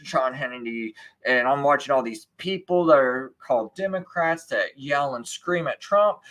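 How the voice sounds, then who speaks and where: A man's voice: a little high, expressive, normal speed, hardly any pauses, a bit bright. A man hosting a live stream, ranting in a casual, sarcastic and scornful way, often slipping into mocking impressions of other people. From United States. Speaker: livestream host.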